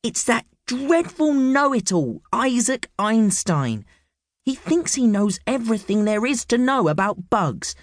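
A man's voice: very high-pitched, very animated, measured pace, no room sound, clean studio sound, pitched above the performer's own voice, full character voice. A man putting on a prim, indignant schoolgirl. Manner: hissing, indignant, through gritted teeth. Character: prim fussy know-it-all schoolgirl, easily outraged. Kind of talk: audiobook character voice.

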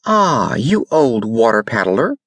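A man's voice: medium pitch, big pitch swings, slow, fairly bright tone, slightly rough, dry recording, heavily acted. A man voicing a spoiled young princess in an eager, pleading way.

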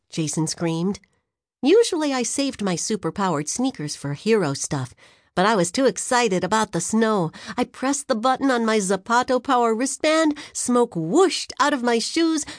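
Expressive woman reading a children's story. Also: on the high side, normal speed, no echo, studio quality. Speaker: audiobook narrator. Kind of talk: children's audiobook narration.

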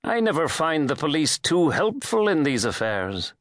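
A man's voice: a little high, very animated, normal speed, a bit bright, no room sound, clean studio sound, voice pushed up. A male narrator voicing a blunt journalist in an audiobook, asking short, probing questions. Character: blunt male journalist, the first-person hero. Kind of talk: audiobook character voice.

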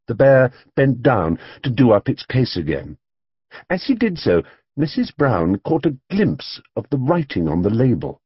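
A man narrating a children's audiobook in an expressive storytelling manner. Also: mid-range voice, a little slow, husky, dry recording. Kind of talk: scripted narration. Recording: dull, dry studio audiobook read.

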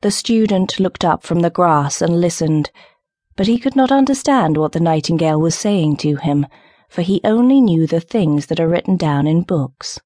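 A woman narrating an audiobook fairy tale in a calm, measured way. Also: fairly low pitch, no room sound, clean studio sound. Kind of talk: scripted storybook narration.

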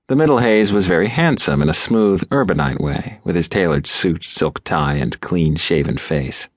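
A man reading a novel aloud as an audiobook narrator, in a measured, deliberate way. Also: low voice, no echo, clean studio sound. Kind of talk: scripted narration.

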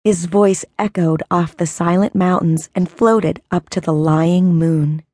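A woman's voice: on the low side, steady tone, unhurried, dark tone, no echo. A woman voicing a frantic, hot-tempered young man who cries out and snaps questions.

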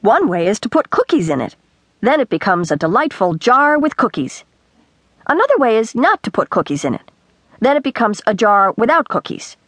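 A woman voicing a bold, cheerful girl who boasts freely in a quick, bright way. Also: on the high side, big pitch swings, dry recording.

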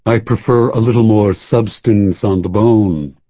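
A man's voice: on the low side, lo-fi sound. A man doing an unctuous, smug schemer. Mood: self-satisfied. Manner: slow, unctuous, cheerfully cool.

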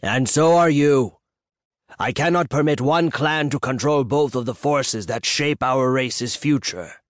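An ancient, stern male dragon elder, played by a male narrator, speaking in a low, unhurried, disapproving tone. The sound is close and dry. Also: no echo, close to an everyday voice.

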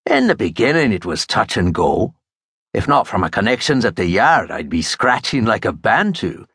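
A man's voice: on the low side, very animated, moderate pace, vocal fry, fairly bright tone, slightly rough, no echo, clean studio sound, full character voice. A man playing a wry, genial ex-detective. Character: Scottish ex-Scotland Yard inspector turned private detective, wry.

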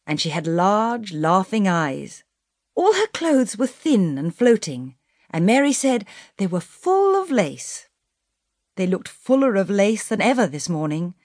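Lady reading an old classic audiobook, lowish voice but really lively, drags words out for effect, dry close sound. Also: no room sound. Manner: expressive storytelling, slows for emphasis. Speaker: audiobook narrator. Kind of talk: scripted narration of a classic novel.

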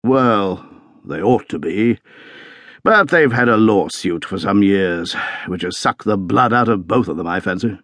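A man voicing a hearty older country colonel who talks in a brisk, genial, matter-of-fact way. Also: fairly low pitch, expressive, a bit bright, dry recording, studio quality, exaggerated voice.

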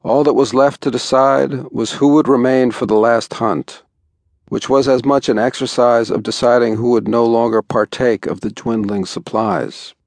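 A man narrating an audiobook in an even, understated way, recorded in a studio. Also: medium pitch, normal speed, vocal fry, dry recording. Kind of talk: scripted narration.

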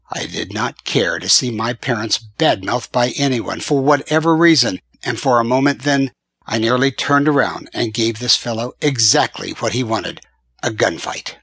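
A man reading a western audiobook as a first-person narrator, with measured, steady storytelling. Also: medium pitch, husky, no echo.

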